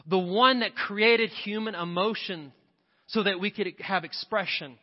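A pastor with a high, bright-edged voice preaches an impassioned sermon in a church sanctuary, piling up repeated refrains as he builds. He is animated and keeps a moderate pace. The sound is dull and muffled, with long reverb trailing off the walls.

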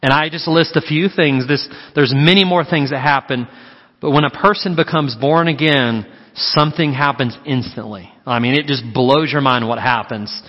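A man preaching a sermon as pastor, slowing down to stress key phrases. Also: medium pitch. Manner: preaching with slow, emphatic pauses on key phrases. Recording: muffled with long hall reverb.

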